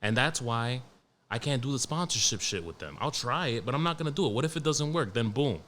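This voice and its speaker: A young man hosting a solo podcast, talking in a blunt, profane, joking way and reading news out loud. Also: mid-range voice, animated, a little fast. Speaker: podcast host. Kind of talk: casual solo podcast monologue.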